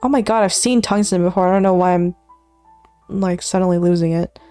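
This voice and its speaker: A woman's voice: lowish voice, a little fast, mellow, smooth, no echo, faint music behind. A woman streaming while she studies, murmuring names to herself, slipping into whispers and laughing at her own mistakes. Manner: muttering element names to herself, often dropping to a whisper; self-deprecating, laughs at her own slips. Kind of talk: casual study stream chatter.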